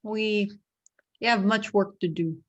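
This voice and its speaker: A woman's voice: medium pitch, a little slow, muffled recording, lightly acted. A woman voicing a stern, weathered, bald and bearded male hunter in a thick put-on Russian accent, speaking in broken, clipped English. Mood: gruff matter-of-fact.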